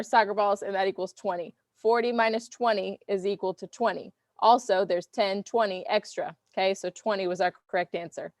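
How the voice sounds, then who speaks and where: A woman teacher, running a review game for her online class in a playful, teasing, animated way. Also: mid-range voice, a little fast, few pauses, no room sound. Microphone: computer mic on video call.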